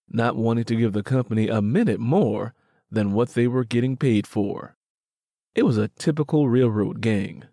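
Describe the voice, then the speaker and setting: A man reading a novel aloud in measured, descriptive narration. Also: fairly low pitch, a little mellow, dry recording, studio quality. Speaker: audiobook narrator. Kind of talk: scripted narration.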